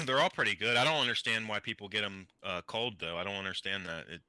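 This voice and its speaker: A man's voice: on the low side, fast, sharp tone, clean tone, dry recording. A man in casual chat, easygoing and agreeable.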